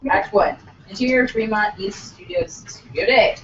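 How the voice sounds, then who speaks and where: A woman reads out the stage directions briskly at a cast read-through. Her voice sits slightly high. It is picked up from a distance in a roomy space, with a dull tone and faint noise. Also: wildly swooping pitch, fairly bright tone. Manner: brisk, giggly between lines. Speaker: script reader for the stage directions. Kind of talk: table read narration and casual chat.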